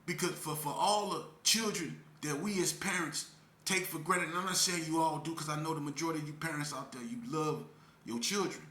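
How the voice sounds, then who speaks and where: A man's voice: fairly high pitch, a little fast, bright, forceful tone. A man from Las Vegas speaking earnestly and emotionally to parents, repeating phrases for emphasis as he tells his story. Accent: Las Vegas street speech. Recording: echoey room with faint ambience.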